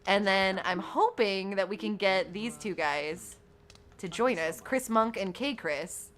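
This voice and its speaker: A young woman streaming a life-sim game, chatting to her viewers and often squealing with excitement. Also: mid-range voice, takes it slowly. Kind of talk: gaming livestream chat. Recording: faint background game music.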